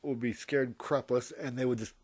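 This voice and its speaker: A man's voice: medium pitch, steady tone, normal speed, darkish tone, slightly rough, no room sound. A man rambling through a comedic monologue, interrupting and correcting himself as he goes. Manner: rambling, hypothetical, self-interrupting. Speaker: vlogger.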